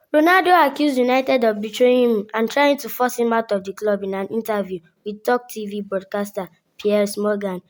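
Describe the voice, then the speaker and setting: A woman reading the sports news in a steady, formal style as anchor. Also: fairly high pitch. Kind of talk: read news bulletin.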